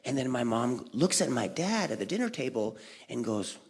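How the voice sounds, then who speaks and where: A man's voice: medium pitch, sing-song, normal speed, slightly rough. A man doing a stand-up comedy set at a community event, telling stories and acting out family members with big jumps in his voice. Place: community center event hall.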